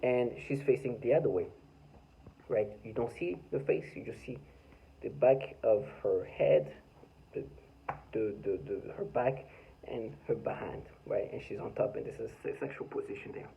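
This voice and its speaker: A man's voice: mid-range voice, normal speed, gravelly, dull audio, a little hiss or hum. A man talking by his front door in an agitated, rambling vlog monologue, full of stammered restarts and bitter laughs. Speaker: vlogger.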